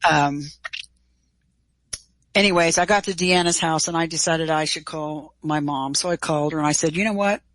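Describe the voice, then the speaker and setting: A middle-aged woman telling a personal story in an interview, animated and casual, acting out quoted dialogue. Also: low voice, normal speed, no room sound, low-quality recording. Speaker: guest.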